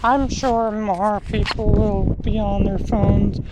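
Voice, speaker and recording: A vlogger drawls out an unhurried, rambling opinion piece, doubling back on words and restarting thoughts. The outdoor phone mic carries clear wind rumble and a boat somewhere behind. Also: level tone. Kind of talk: casual opinion vlog.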